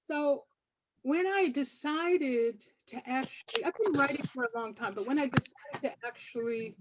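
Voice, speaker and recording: A woman's voice: high-pitched, normal speed, rough recording. An older woman, a poet, reading reflectively and devoutly from her book to an audience. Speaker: poet and author.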